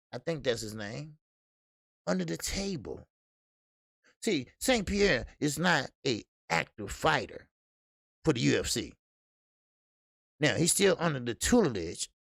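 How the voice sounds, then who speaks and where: Gravelly man riffing live on boxing. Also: on the high side, no echo, clean studio sound. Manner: loose, profane, talks to the chat. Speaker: boxing show host. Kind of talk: casual live-stream commentary.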